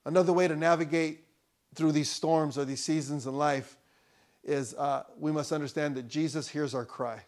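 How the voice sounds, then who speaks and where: Man, pastor, fairly high voice, casual sermon, swells to loud bursts. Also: steady tone, normal speed. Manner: conversational preaching, rising to loud emphatic peaks, joking asides. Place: church.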